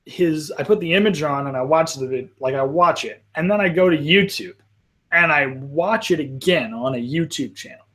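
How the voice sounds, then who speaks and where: A man's voice: a little high, animated, moderate pace, fairly bright tone. Chatty man with a raised voice. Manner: rambling, restarts often, apologetic asides. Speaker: panel host. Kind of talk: casual live panel chat.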